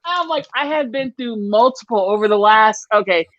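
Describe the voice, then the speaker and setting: A woman's voice: on the high side, normal speed, no room sound. A woman co-hosting a casual podcast chat, telling stories bluntly with plenty of cursing. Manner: blunt, profane, animated storyteller. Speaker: podcast co-host. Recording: dull lo-fi dry sound.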